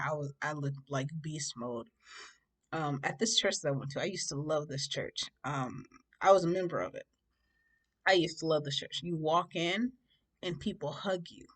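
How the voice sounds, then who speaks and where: Brief: young woman, lowish voice, dramatic storyteller, laughs as she goes. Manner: animated, dramatic, laughs through the telling. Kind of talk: casual storytime vlog.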